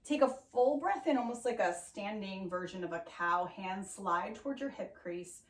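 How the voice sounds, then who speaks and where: Woman yoga teacher, calm steady cues, playful breath sounds, echoey room, a little away from the mic. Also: medium pitch, moderate pace. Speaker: yoga instructor. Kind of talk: guided yoga class cueing. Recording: roomy echo, voice from a distance off the mic.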